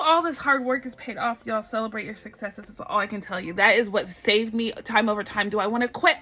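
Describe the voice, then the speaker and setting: A woman in her thirties from Barbados, chatting casually to camera about her budget, lively and addressing viewers as y'all. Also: a little high, fairly quick, hardly any pauses, faint music behind. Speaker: budgeting vlogger.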